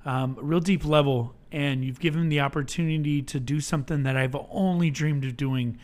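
A man's voice: fairly high pitch, fairly even intonation, normal speed, darkish tone. A young man hosting his own podcast, talking earnestly and emotionally to his listeners, whom he calls y'all. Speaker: podcast host. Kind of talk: motivational podcast monologue. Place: on vacation on a tropical island.

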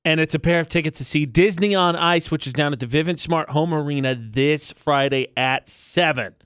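A man's voice: fairly high pitch, normal speed, fairly bright tone, smooth, no room sound. A man co-hosting a radio show in a studio, bantering in a playful, teasing, argumentative way. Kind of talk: casual morning radio banter.

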